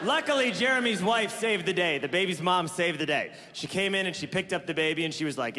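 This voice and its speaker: A man in his thirties performing stand-up comedy on a large theater stage, telling stories in an animated way with exaggerated voices for the people in them. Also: high-pitched, fast, few pauses, background noise. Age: 30s. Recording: live hall reverb with crowd laughter.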